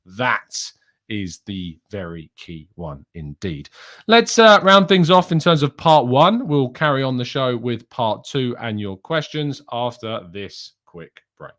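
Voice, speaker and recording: A man's voice: medium pitch, very animated, takes it slowly, a bit bright. A man hosting a live football news show, talking through reports in a conversational way with frequent ums and restarts. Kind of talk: live news roundup and chat.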